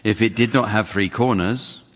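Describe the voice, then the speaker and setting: A man's voice: lowish voice, normal speed, a bit bright. A man hosting a comedy panel game in front of a studio audience, reading out rhymes with dry, mock-serious delivery. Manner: dry, mock-serious delivery, chuckles at his own jokes. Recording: audience hall recording, crowd noise.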